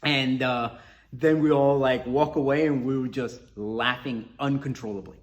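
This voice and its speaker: A man from Colombia, an MMA fighter, telling a story in casual, animated talk. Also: mid-range voice, moderate pace. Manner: animated, lots of fillers and restarts. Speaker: MMA fighter, podcast guest.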